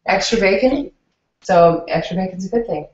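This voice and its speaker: A woman's voice: mid-range voice, normal speed, darkish tone. A woman co-hosting a home cooking show in a kitchen, joking playfully. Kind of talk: casual chat. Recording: roomy, distant, dull sound.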